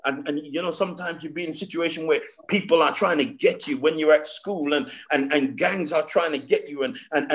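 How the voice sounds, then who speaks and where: A man preaching a fervent sermon to his congregation, stammering through restarts and drawing out key phrases slowly for emphasis. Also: a little high, fairly bright tone. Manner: addresses the congregation as saints.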